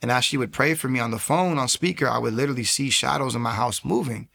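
A man telling his faith testimony in an animated way, acting out the dialogue he quotes and often saying "like" as he restarts his sentences. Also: medium pitch, vocal fry. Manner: frequent filler "like" and quick restarts. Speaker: guest giving a faith testimony. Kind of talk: personal testimony storytelling.

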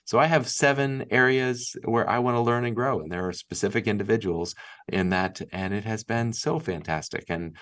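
A man's voice: lowish voice, moderate pace, a bit bright. A man from Massachusetts, a guest author in an interview, talking earnestly and reflectively and laughing easily. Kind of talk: casual interview talk.

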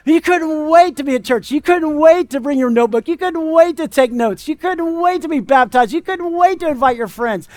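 A man's voice: extremely high pitch, moderate pace, few pauses, darkish tone, no room sound, clean studio sound. A man preaching a sermon as pastor, conversational and emphatic, full of rhetorical questions.

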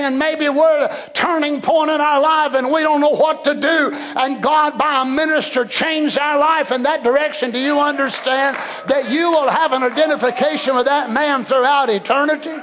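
A man preaching a fervent sermon, building to emphatic shouted peaks. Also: extremely high pitch, fairly even intonation, normal speed, few pauses, slight background noise.

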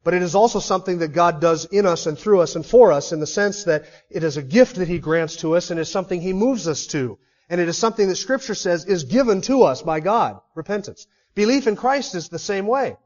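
Pastor, male, high voice, emphatic sermon delivery, slightly dull lo-fi recording. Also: expressive, brisk. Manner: emphatic preaching with repeated lists.

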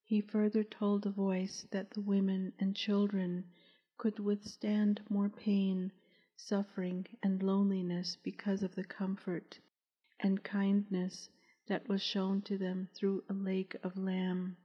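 A woman reads an audiobook at a slow, measured pace. Her voice is nearly monotone and a little husky. The recording is dull and carries a long echo. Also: mid-range voice. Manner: slow, measured, even reading. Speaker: audiobook narrator. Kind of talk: audiobook narration.

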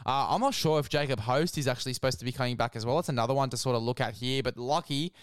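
A man's voice: mid-range voice, fast, clear, resonant tone, dry recording, studio quality. A young Australian man hosting a casual sports chat, saying "mate" often and hyping a sponsor. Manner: chatty, says "mate" a lot, hypes sponsor read. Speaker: podcast host.

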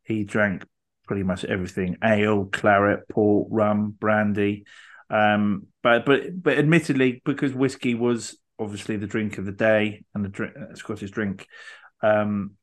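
Halting man chatting on a podcast. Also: on the low side, steady tone. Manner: halting, many ums and restarts. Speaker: podcast co-host. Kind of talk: casual podcast chat.

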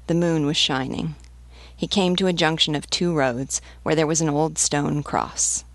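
A woman reading a novel aloud as a teacher, in a measured, even storytelling manner. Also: low voice, no room sound.

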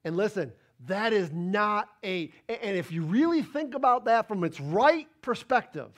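A man preaching a sermon, animated and emphatic, repeating words for stress. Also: sits high, moderate pace. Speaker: pastor.

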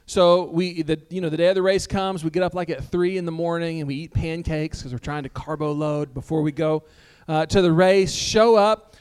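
A man in his thirties preaching a relaxed, conversational sermon in a church, telling stories with self-deprecating humor. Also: on the high side, normal speed, clean tone. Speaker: pastor. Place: church sanctuary before a congregation.

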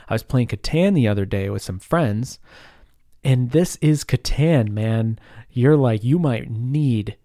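A man in his thirties telling stories in a relaxed, rambling chat, full of fillers and quick laughs. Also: lowish voice, dry recording, clean studio sound. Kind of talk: casual storytelling chat.

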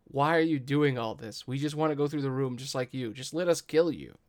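A man's voice: medium pitch, a little fast, a little mellow, close to an everyday voice. A man voicing a resentful young male kobold who pleads and accuses. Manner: pleading and angry.

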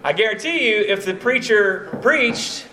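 Leading an evangelism training session to a live audience in a church meeting room, a man tells stories in an unhurried voice that sits high. He's animated and keeps adding asides like "you know, kind of thing."

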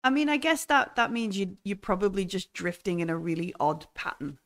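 A woman's voice: mid-range voice, expressive, brisk. A woman running a tabletop role-playing game as its game master. She talks her way through each scene with frequent ums and likes, setting things up in a loose, hesitant way.

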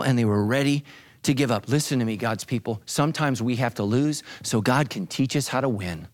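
A man's voice: mid-range voice, fairly quick. A male pastor preaching a sermon with dramatic, emphatic delivery.

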